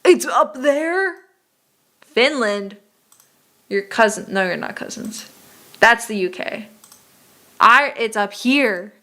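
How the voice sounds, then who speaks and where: Slow-talking, swearing woman streamer. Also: mid-range voice, sharp tone. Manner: profane, exasperated muttering while playing. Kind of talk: casual game stream chat.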